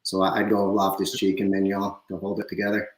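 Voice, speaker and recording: A man giving a casual match preview, measured and heavy on fillers. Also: sits low, completely flat delivery, echoey room, low-quality recording. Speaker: podcast guest.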